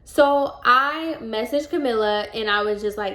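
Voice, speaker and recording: A young woman tells a storytime from her own life in a loose, exasperated way, slipping into the other people's lines as she goes. Her voice sits fairly high. It is recorded in a noticeably echoey room. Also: moderate pace, few pauses. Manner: animated, exasperated retelling that acts out both sides of the dialogue. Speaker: vlogger. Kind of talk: casual storytime. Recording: roomy echo.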